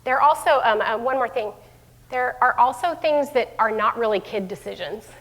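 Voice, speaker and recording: A middle-aged woman speaks to a room of parents in a chatty, unscripted way, full of fillers and self-corrections. Her voice sits a little high. The sound carries a long hall reverb. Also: normal speed. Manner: warm conversational speaker with many fillers and restarts. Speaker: school division head giving a parenting talk. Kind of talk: live presentation to parents. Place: room with an audience.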